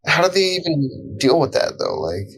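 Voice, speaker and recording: A man's voice: a little high, very animated, normal speed, gravelly, a bit bright, husky. A man co-hosting a casual podcast chat, reacting with profane, incredulous questions. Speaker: podcast co-host.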